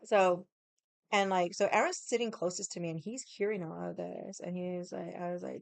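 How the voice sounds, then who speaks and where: A woman vlogger telling a story in a casual, animated way, swearing a lot and using lots of "like" fillers. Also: fairly low pitch, moderate pace, gravelly, no room sound. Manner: animated, heated retelling.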